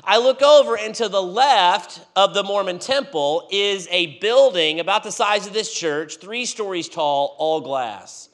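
A man preaching in a church, telling a story with animated swings between loud and hushed delivery. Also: sits high, unhurried, hardly any pauses. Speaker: guest preacher. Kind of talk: storytelling sermon.

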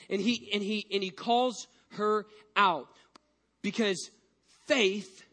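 A man preaching a sermon as pastor, telling a personal story with lively energy and frequent restarts. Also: sits high, normal speed.

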